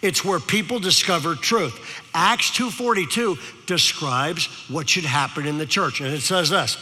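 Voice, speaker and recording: A pastor preaches in a fairly high, bright, forceful voice at a measured pace, with long hall reverb on the recording. He tells stories and keeps checking in with the congregation by asking "okay?" again and again.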